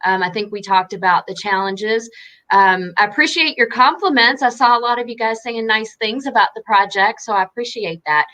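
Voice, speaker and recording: A woman's voice: a little high, moderate pace, bright, forceful tone. A woman from Southern Indiana with a Southern Indiana accent, a guest chatting easily with lots of laughs and fillers. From Southern Indiana, United States. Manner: giggly, easygoing, many fillers. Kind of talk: casual chat.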